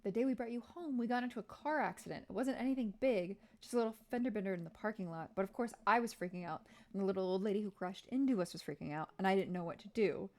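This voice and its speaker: A woman's voice: mid-range voice, fast, hardly any pauses, darkish tone, close to an everyday voice. A woman reading aloud as a doting, goofy single dad from a dating sim, telling a rambling family story. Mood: nostalgic.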